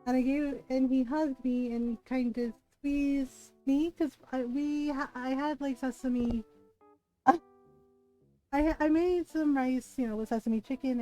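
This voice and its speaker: A woman's voice: a little high, warm tone. A woman streaming a video game, chatting casually and rambling with lots of fillers and giggles. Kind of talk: casual gameplay chat.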